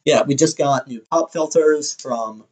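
A young woman hosting a home podcast, her voice sitting very low with a husky, breathy grain. She rambles in a loose, self-deprecating way, close to a stand mic in her bedroom. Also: a little slow, a little mellow. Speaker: podcast host. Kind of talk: casual chat. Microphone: stand-mounted mic with pop filter.

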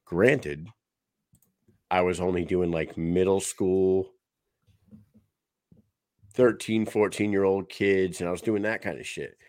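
A man's voice: low voice, fairly even intonation, slow, pauses often, a little mellow, no room sound, studio quality. A man in casual sports chat on a podcast, telling rambling, profane stories with lots of animation. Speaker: podcast co-host.

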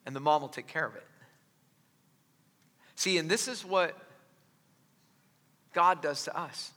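A male pastor preaching a sermon in a high, very bright voice, chatty and self-mocking with plenty of restarts. The sound rings out with the long reverb of a large church hall. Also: measured pace. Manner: conversational, joking asides, frequent restarts.

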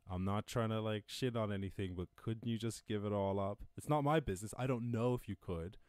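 Broadcasting casually from home during lockdown, an Irish podcast host reads news aloud and riffs on it, swearing liberally and laughing at his own jokes. He speaks a little fast in a lowish, darkish, clean-toned voice, recorded dry with clean studio sound.

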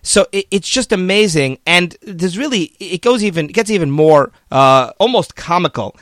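A man's voice: high-pitched, animated, normal speed, fairly bright tone, no echo. A man hosting a political commentary show, talking casually and argumentatively, often mocking the media with quoted voices.

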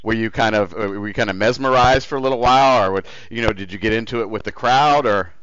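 Man hosting an interview, halting and rephrasing his questions, mid-pitched, dry lo-fi sound. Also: fairly bright tone, smooth, no echo. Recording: dry, dull lo-fi audio.

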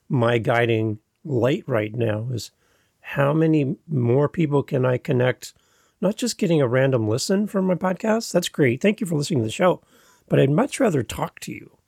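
A man's voice: mid-range voice, gravelly, darkish tone, breathy edge, no room sound, studio quality. A man hosting a podcast, chatting casually in a friendly, rambling way with self-deprecating humor. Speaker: podcast host.

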